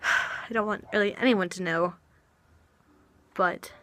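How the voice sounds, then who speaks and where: A woman's voice: mid-range voice, slow pace, sharp tone. A young woman talking hesitantly in a confessional vlog, with many restarts and sighs. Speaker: vlogger. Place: home.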